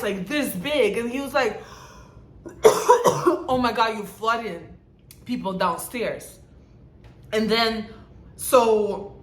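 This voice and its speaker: Woman vlogger, casual storytime, animated, salty language, roomy echo. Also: medium pitch. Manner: animated, swears, laughs, mimics herself loudly.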